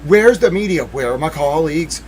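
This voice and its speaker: A young man hosting a true-crime livestream, reading court papers aloud and swinging from hushed muttering to outbursts of shouting. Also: on the high side, animated, normal speed, rough recording. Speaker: livestream host.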